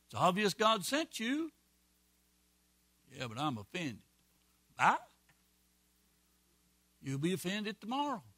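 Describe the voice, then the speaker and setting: A man preaching a sermon as pastor, folksy and emphatic, with quick repeated phrases and asides. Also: sits high, huge pitch swings, sharp tone, dry recording.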